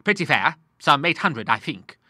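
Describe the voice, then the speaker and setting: A man playing a bluff, hearty old navy admiral in a storybook reading. He blusters along in a lively, bouncing voice, bright and forceful, recorded close and dry. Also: fairly high pitch, moderate pace, no echo, exaggerated voice. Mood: fatherly. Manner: hearty, blustering, full of sea talk.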